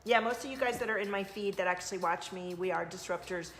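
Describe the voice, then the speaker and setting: A woman's voice: mid-range voice, fast, a bit bright, soft background music. Chatty woman with a Southern twang. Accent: slight Southern US twang. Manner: chatty and effusive, with sudden bursts of emphasis. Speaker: intuitive card reader hosting a live stream. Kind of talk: casual live-stream chat. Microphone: phone camera.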